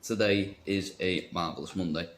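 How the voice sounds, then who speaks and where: A man who works at a vape shop vlogs there, chatting casually, rambling and making jokes at his own expense. He has a deep voice with fairly even intonation and a moderate pace.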